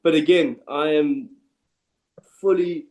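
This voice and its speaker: A man co-hosting a rugby podcast in a casual chat. He is blunt and emphatic and repeats his points for force. His voice sits a little high for a man. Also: slow pace, a little mellow, low-quality recording. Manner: blunt, opinionated, emphatic repetition. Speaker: podcast co-host.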